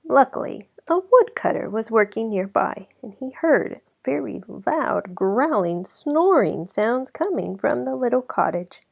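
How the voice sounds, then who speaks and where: A woman reading a children's storybook aloud as narrator, in an expressive way that slows down for effect. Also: a little high, creaky. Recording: slightly dull lo-fi recording.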